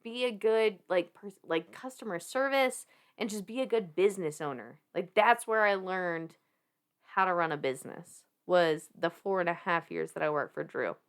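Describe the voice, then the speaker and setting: A woman in her thirties with a Southern US accent, a podcast guest telling her story in animated casual talk, laughing often and swearing freely. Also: on the low side, moderate pace, clean tone.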